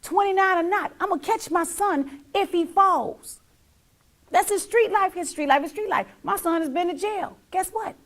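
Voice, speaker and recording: A woman's voice: very high voice, normal speed, a bit bright. A middle-aged woman telling her own story as a mother, emphatic and repetitive, sometimes dropping almost to a whisper. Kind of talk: heartfelt personal testimony.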